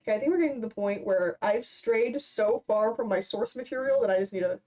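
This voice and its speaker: A woman's voice: fairly high pitch, a little fast, dark tone. A young woman chatting casually while she draws on a live stream, rambling and filling gaps with "like" and "um". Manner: rambling, heavy on fillers. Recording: dull lo-fi stream mic.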